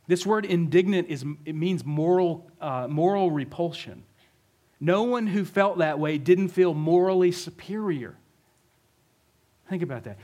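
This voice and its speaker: A male pastor preaching a conversational sermon, telling a story vividly and asking the congregation rhetorical questions. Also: on the high side.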